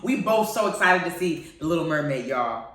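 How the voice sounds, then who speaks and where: A woman hosting a radio show, chatting casually about TV shows in a playful, animated way and laughing often. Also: low-pitched, moderate pace. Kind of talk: casual chat reviewing TV shows. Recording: very echoey, far from the mic.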